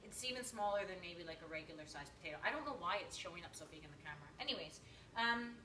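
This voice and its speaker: A woman's voice: lowish voice, lively intonation, fast talker, recorded from a distance, background noise. A woman hosting a live cooking stream, chatting to viewers and reading their comments with many fillers and giggles. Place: home kitchen.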